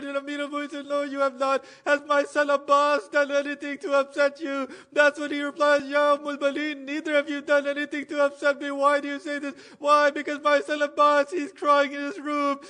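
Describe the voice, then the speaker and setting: A man's voice: very high voice, pushed and bright. A man narrating a mourning sermon with impassioned, emotional delivery, at times rising to cries. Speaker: majlis speaker. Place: religious center hall.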